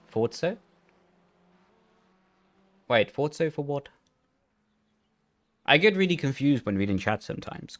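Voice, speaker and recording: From the sim rig room at home, the young streamer talks into a headset mic at a medium pitch while playing a racing game. His intonation is flat as he rambles casually and reads chat aloud.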